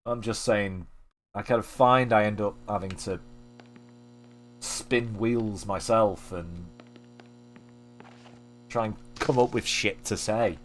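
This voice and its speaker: A man's voice: on the low side, slow, pauses often, a little hiss or hum. Rambling, self-deprecating male game streamer. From Manchester area, England. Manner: self-deprecating, swears freely, thinks aloud. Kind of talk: casual rambling commentary while gaming.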